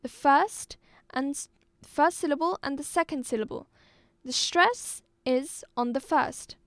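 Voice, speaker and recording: A woman from Algeria teaching an English exam-review lesson, repeating words and spelling them out slowly for her pupils. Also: sits high, dry recording, clean studio sound.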